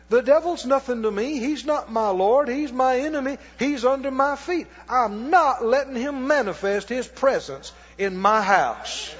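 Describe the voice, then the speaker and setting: A man's voice: high voice, breathy edge. A male pastor preaching a sermon, emphatic and questioning his congregation. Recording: dull echoey hall recording.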